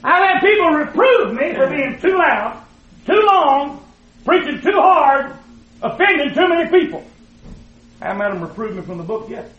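An older man preaching a fiery, folksy sermon in a church, swinging from shouted lines to low asides. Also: big pitch swings, normal speed. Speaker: pastor. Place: church sanctuary with congregation. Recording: muffled, echoey church recording with crowd.

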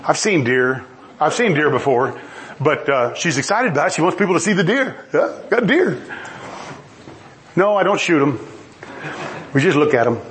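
A middle-aged man preaching a sermon in an animated, exclamatory way, acting out quoted voices. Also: a little high, a little fast, a little hiss or hum. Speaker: pastor.

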